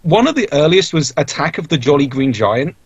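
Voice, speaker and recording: On a dull, dry lo-fi mic, a young video creator guesting on a podcast rambles casually, full of fillers and restarts. His voice is on the high side, husky, very animated and a little fast, with no room sound.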